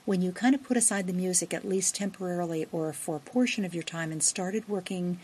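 A woman's voice: lowish voice, darkish tone, slight background noise. A woman hosting a conversational interview, upbeat and enthusiastic, with a self-deprecating humor. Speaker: interview host.

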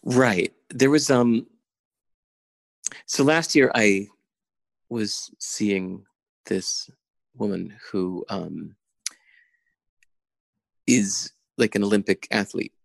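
A middle-aged man talking casually in an interview, intense and animated, with many filler words. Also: lowish voice, extremely slow, gravelly, pauses often, dry recording. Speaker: guest. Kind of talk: casual conversation. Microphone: remote call.

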